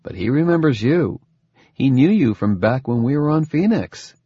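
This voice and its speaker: A man voicing a gentle scientist father who explains things calmly and quickly. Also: medium pitch, slightly rough, no room sound, lo-fi sound, voice pushed up. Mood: coaxing.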